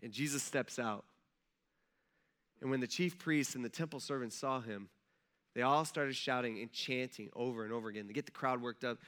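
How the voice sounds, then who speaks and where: A man's voice: on the high side, lively intonation, fast, sharp tone. A male pastor giving a sermon as casual, conversational storytelling with slang, acting out the voices of the people in the story.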